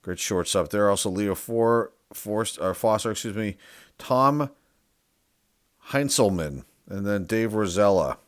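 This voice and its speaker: In a dry, studio-quality recording, a man with a lowish voice talks a little slowly. He collects sports cards and offers casual, uncertain commentary while opening a box, musing aloud and calling out the players' names.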